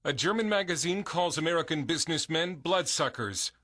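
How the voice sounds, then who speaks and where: A man narrating a documentary in an even, scripted delivery. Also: a little high, a little fast.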